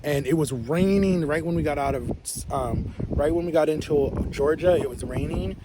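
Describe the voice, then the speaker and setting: A man's voice: on the high side, normal speed, noisy background. A man in his thirties telling a rambling, chatty story to camera, full of "like" and restarts. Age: 30s. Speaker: vlogger.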